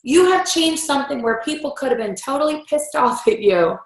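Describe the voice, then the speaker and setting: A fairly high-voiced woman gives a lively motivational talk to her team. She slips into playful voices for the things people might say. The sound carries a roomy echo. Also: a little fast, hardly any pauses. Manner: animated, acts out voices in quotes. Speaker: team leader giving a training talk.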